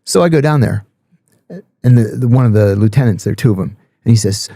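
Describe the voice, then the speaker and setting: A middle-aged man, a podcast guest, telling a story in a blunt, animated way with some swearing. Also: mid-range voice, fast, dry recording, clean studio sound. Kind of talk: storytelling in casual chat.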